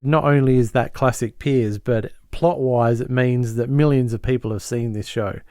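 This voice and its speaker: Lively man recapping a sitcom. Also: medium pitch, normal speed, smooth, no echo, studio quality. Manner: animated storyteller who acts out quotes. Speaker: podcast co-host. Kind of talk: casual episode recap.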